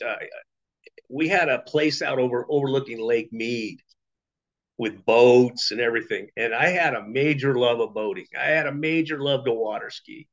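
A man's voice: mid-range voice, fairly bright tone. Chatty man telling his story, lo-fi. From Las Vegas, Nevada. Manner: chatty storytelling with fillers and acted quotes. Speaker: business testimonial speaker. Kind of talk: casual personal story. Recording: dull lo-fi recording.

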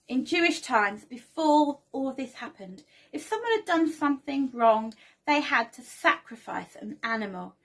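Gentle woman telling a children's Bible story. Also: fairly high pitch. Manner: gentle, asks children questions and invites them to join in. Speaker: children's ministry presenter. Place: church setting.

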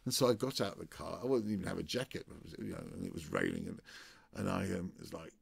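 A man's voice: sits low, big pitch swings, fast, creaky, breathy edge, dry recording. An older man telling a rambling anecdote in a casual way. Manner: rambling, with many fillers and restarts. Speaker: storyteller.

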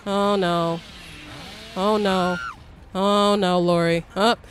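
A young woman giving excitable live commentary while playing a game, swearing, cheering on teammates and shrieking when chased. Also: medium pitch, slow, long pauses, background noise. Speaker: streamer.

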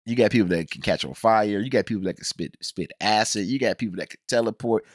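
Animated ranting man, dry close sound. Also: on the low side, fast, no room sound. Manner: animated, emphatic, slangy, frequent restarts. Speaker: reaction channel host. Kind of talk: casual ranting review.

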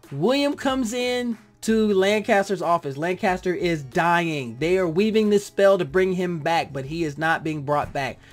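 A lively reviewer chats through a TV episode, voice rising and falling as they act out their own reactions. They drift now and then into heartfelt side remarks. Faint music plays softly behind them. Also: mid-range voice. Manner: animated, acts out own reactions. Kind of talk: casual spoken review.

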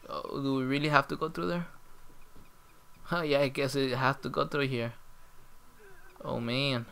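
Excitable gravelly gaming commentator man. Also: medium pitch, measured pace. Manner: excitable, reacting aloud and talking to viewers. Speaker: gameplay commentator. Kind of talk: live gameplay commentary.

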